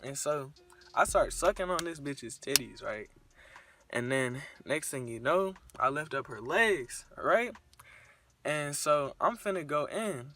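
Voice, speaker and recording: A young man telling a crude, slang-filled story in a casual, animated storytime style. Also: fairly high pitch, unhurried, over music. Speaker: storyteller vlogger.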